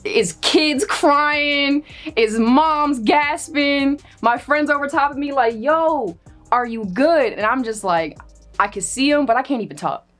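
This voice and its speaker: A young woman telling a comedic personal story in a casual, animated way, cursing freely and acting out what others said. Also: fairly high pitch, moderate pace, soft background music. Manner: animated, profane, acts out quoted voices. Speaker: storyteller guest.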